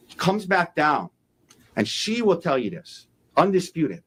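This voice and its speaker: Male defense attorney, opening statement; emphatic, animated delivery, slightly high voice. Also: unhurried, husky. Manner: emphatic, repeats key phrases, acts out quoted speech.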